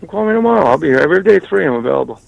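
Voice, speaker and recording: A man, a comedian, chatting on a podcast over a call, riffing fast and swearing freely. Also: a little high, big pitch swings, gravelly, highs cut off, slight background noise. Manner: profane, riffing, jumps into impressions. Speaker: comedian guest. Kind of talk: casual podcast chat.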